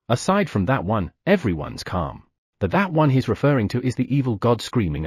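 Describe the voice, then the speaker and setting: A man narrating a fantasy audiobook in first person, giving the other characters small shifts of pitch. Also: sing-song, normal speed, darkish tone, slightly rough, dry recording, clean studio sound.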